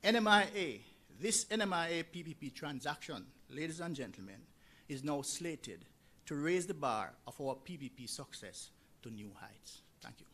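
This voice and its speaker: Higher-voiced man reading a formal address. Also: expressive, pushed and bright, a little hiss or hum. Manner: deliberate, spelling out acronyms. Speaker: airport authority head giving a speech. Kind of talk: formal prepared speech.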